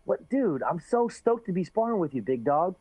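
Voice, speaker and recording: A man voicing an excitable, friendly young man who gushes eagerly. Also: high voice, moderate pace, slight background noise, pitched above the performer's own voice, poor audio. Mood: stoked.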